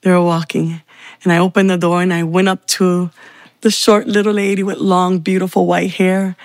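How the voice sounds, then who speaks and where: A woman sharing a heartfelt personal faith testimony, telling her story slowly with pauses. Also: lowish voice, flat delivery, dry recording.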